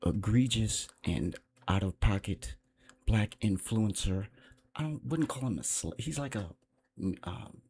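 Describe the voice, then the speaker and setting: A man with a fairly low voice hosts a livestream and talks off the cuff. His commentary is blunt and profane, and he rambles from point to point. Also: mellow. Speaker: livestream host.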